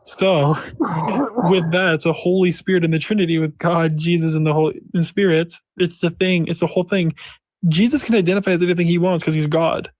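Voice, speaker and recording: Man slowly explaining in a dry voice chat. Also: on the high side, fairly even intonation, a little mellow, no room sound. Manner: slow, repetitive explaining, drawing out words. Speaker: debater in a voice chat. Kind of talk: casual heated debate.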